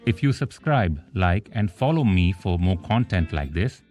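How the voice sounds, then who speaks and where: A man narrating his own episodic novel in a steady, measured reading. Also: sits low, faint music behind. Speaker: author and narrator. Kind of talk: scripted narration.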